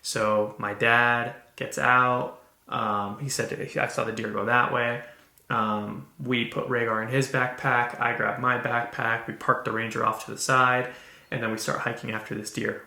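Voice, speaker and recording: A man hosting a podcast, telling a personal story in an earnest, halting way with many restarts. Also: medium pitch, level tone, creaky, sharp tone, roomy sound. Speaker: podcast host. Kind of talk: casual storytelling.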